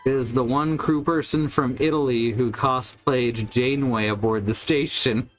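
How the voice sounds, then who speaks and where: A man streaming a game who rambles along in a casual, wry way and swears freely. His pitch sits in the middle range for a man. Faint music plays behind him. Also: fairly even intonation, unhurried. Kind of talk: casual gameplay chat.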